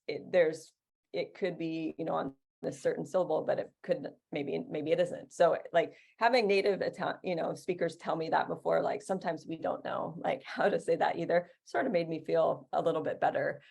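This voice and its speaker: A woman teacher answering interview questions in a relaxed, chatty way. Her voice sits low and has a gravelly edge. She talks with plenty of fillers and restarts. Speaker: Italian teacher, guest.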